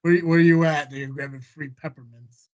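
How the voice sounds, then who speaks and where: A man's voice: a little high, little pitch movement, normal speed, dull audio. A man co-hosting a podcast, teasing the others and swearing freely. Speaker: podcast co-host. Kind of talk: casual chat.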